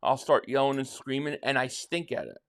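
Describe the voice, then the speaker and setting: A man's voice: mid-range voice, very animated, a little fast, vocal fry. A man from South Jersey hosting a live stream, chatting casually and rambling as he answers viewer comments, with frequent restarts. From South Jersey, near Philadelphia.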